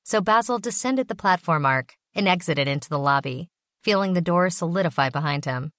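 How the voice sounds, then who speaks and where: A woman narrating an audiobook in a steady, even reading voice. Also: fairly low pitch, a little fast, no echo, clean studio sound.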